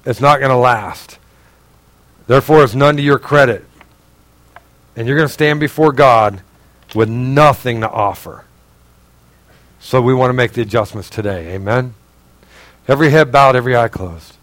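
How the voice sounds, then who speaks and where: A male pastor preaching in a conversational, earnest way, asking the congregation direct questions and swinging between raised, emphatic passages and quiet, low asides. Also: normal speed, pauses often, no echo, low-quality recording. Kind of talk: sermon.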